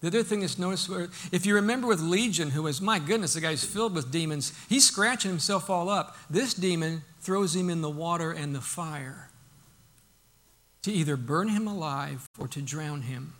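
Bright, high-voiced male preacher. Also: normal speed. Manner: emphatic, swings from loud to hushed, acts out Bible quotes. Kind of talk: sermon.

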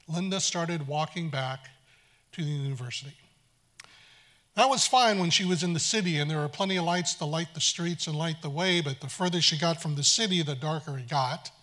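A male preacher tells a dramatic story from the stage, his voice swinging between loud passages and hushed ones. He speaks in a high, bright voice.

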